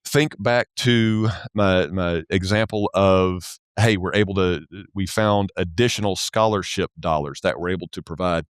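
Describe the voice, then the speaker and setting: Southern man, low smooth voice. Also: unhurried, hardly any pauses, no room sound, studio quality. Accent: Southern American. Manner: repeats words when starting sentences, relaxed and earnest. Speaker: podcast guest, church accounting specialist. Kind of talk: casual interview conversation.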